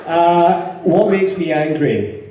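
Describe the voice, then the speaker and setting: A man's voice: a little high, expressive, slow, muffled recording, a loud crowd, heavy background noise. A man on a convention panel, joking and swearing as he tells stories, laughing often. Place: large hall, onstage. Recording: echoey hall from far off.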